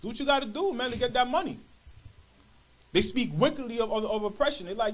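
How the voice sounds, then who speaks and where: Brief: high-pitched man, church elder, loose street-style Bible commentary. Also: lively intonation, fast. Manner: street-style paraphrasing, acts out quoted voices.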